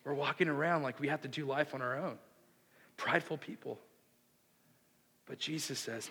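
A man preaching a sermon, earnest and impassioned, with a hushed delivery that builds into fervor. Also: a little high, normal speed, creaky, long pauses, breathy edge. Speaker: pastor. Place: church sanctuary. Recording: long reverb of a large hall.

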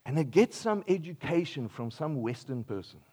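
An older man from Australia preaching a sermon, telling playful made-up examples with lively energy and then dropping to a quiet, earnest close. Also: a little high, normal speed, husky. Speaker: pastor.

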